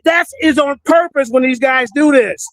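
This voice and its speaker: A man speaking as a panel guest in an emphatic rant, repeating words and shouting out lines. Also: very high-pitched, moderate pace, dry recording, rough recording. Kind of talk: casual preaching-style rant.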